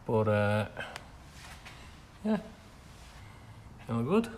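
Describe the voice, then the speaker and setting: A man's voice: mid-range voice, very animated, extremely slow, a little mellow, a little hiss or hum. A man narrating his classic car restoration work in a garage workshop, grumbling with dry sarcasm between practical explanations.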